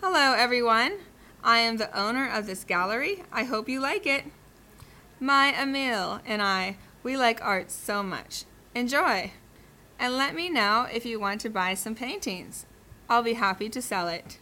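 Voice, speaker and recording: Cartoon: woman as a salesy gallery owner, bright voice, slow pitch. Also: lively intonation. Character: smooth-talking gallery owner selling paintings.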